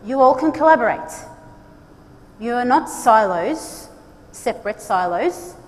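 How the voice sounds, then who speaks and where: A woman giving a lively, direct conference presentation to a trade audience, urging them on with playful asides. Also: fairly high pitch, measured pace. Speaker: design speaker at a trade congress. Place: large conference hall. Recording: long hall reverb, faint background noise.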